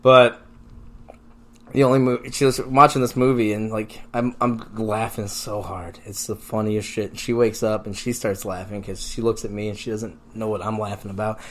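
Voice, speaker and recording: A man's voice: lowish voice, level tone, moderate pace. A man co-hosting a podcast, telling crude comic stories in casual chat and laughing often through them. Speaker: podcast co-host.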